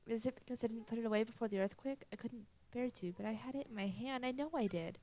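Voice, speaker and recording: A woman's voice: fairly high pitch, fast talker, hardly any pauses, warm tone. A woman playing a horror game, reading every character's lines aloud in her own voice. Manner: reads all characters in her own voice, lightly acted. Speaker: let's play gamer.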